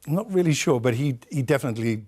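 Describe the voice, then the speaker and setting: A Welsh-born man speaking as a studio guest in a broadcast interview, telling a story with many pauses and fillers. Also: medium pitch, lively intonation, darkish tone. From Wales.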